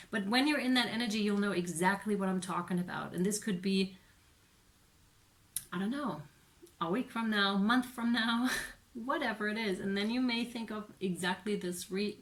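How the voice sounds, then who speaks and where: An excitable woman giving a casual tarot reading, talking straight to her viewers, swearing now and then and laughing often. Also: medium pitch. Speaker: tarot reader.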